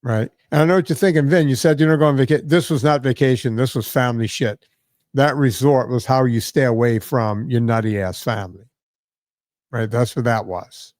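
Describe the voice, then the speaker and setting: Man, podcast host, casual chat, rambling storytelling, lots of fillers, mid pitch, dry close sound. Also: fairly even intonation, fairly quick, a little mellow, no echo. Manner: rambling storyteller, many fillers and "right?" asides.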